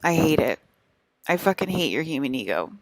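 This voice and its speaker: A young woman with a low voice rambles on to her camera, scolding and exasperated. She circles back on herself with plenty of ums and likes. The sound is close and dry. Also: very animated, a little fast, dry recording. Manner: exasperated, scolding, repeats herself with many fillers. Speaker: vlogger.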